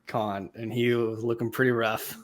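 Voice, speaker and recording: A man's voice: mid-range voice, level tone, moderate pace, crowd noise. Laid-back man with dry asides. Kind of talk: casual chat.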